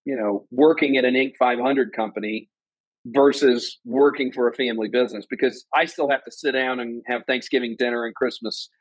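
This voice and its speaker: Man in his 50s, interview guest, earnest and animated, mid-pitched, dry close sound. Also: brisk, no echo, low-quality recording. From Ohio, USA. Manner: earnest, animated storyteller who acts out quotes in a higher voice. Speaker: guest, former company president. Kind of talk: personal storytelling in an interview.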